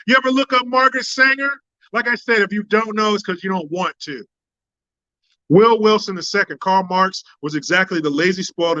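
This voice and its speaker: A man's voice: high voice, pushed and bright, no echo, highs cut off. A man hosting a political commentary live stream, talking in a blunt, profane, combative way.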